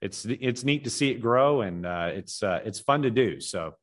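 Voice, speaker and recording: A man, a pastor co-hosting a podcast, chatting casually and telling a joke in a relaxed, playful way. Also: lowish voice, normal speed.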